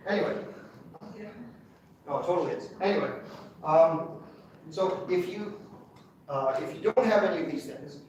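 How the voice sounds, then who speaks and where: A university lecturer explains ideas in a chatty, enthusiastic way, often checking in with his class. His voice sits a little high for a man. He is heard from a distance in a very echoey hall with a faint hum behind him. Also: moderate pace, pauses often, darkish tone.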